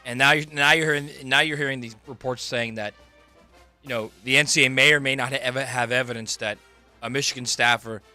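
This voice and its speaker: A man's voice: mid-range voice, fairly even intonation, a little fast, pushed and bright, faint music behind. A man co-hosting sports radio, giving blunt, emphatic opinions. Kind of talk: casual sports radio debate. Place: radio studio.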